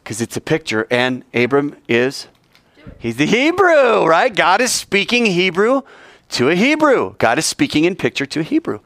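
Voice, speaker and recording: A man preaching a sermon, telling stories in an animated way and asking his audience questions. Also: mid-range voice, moderate pace, dry recording.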